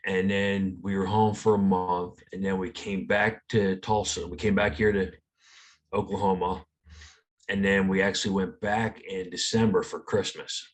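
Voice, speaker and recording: A man's voice: low-pitched, level tone, moderate pace. A man with an American accent, a veteran guest, telling stories casually in a laid-back, shrugging way. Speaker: guest, Air Force veteran. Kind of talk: casual storytelling.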